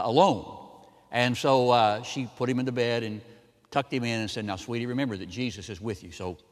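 Preacher guy giving a sermon in church, gets loud then drops soft, mid-pitch voice, big hall echo. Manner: emphatic preaching, swinging between loud and soft. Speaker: pastor. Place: church sanctuary.

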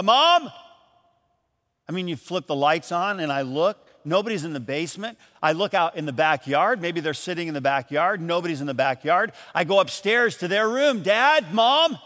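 A pastor preaching in a large hall, his high voice trailing into a long reverb. He tells stories with animation and calls out lines loudly. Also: moderate pace. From Michigan, USA. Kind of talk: sermon storytelling.

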